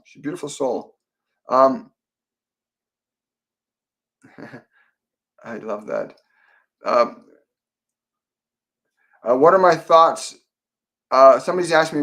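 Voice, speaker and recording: A man hosting a live-stream Q&A as a psychic medium, talking softly and meanderingly with many fillers and restarts. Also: mid-range voice. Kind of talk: live-stream Q&A, relaying spirit messages.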